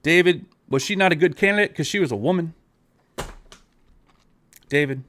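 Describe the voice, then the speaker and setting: A man's voice: on the high side, moderate pace, a bit bright. A man ranting at his viewers in a live video, profane and exasperated, talking straight at them. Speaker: online creator.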